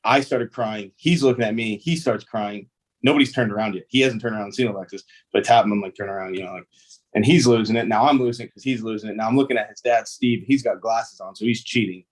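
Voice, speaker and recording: Speaking quickly in a lowish, slightly rough voice, a young pro ballplayer guests on a casual interview. His stories ramble along easily, packed with fillers.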